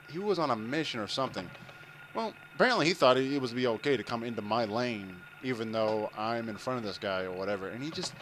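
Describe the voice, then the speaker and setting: Guy rambling a story over gameplay, cusses a lot, pitch swings all over. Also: background noise. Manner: rambling, profane, animated storyteller. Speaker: gameplay commentator.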